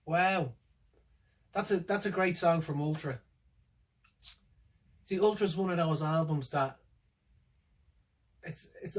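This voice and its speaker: A man with a voice on the high side records a casual solo reaction vlog about a concert tour setlist, in poor audio. A music fan, he's hesitant and rambling, full of fillers and restarts, wry and laughing to himself.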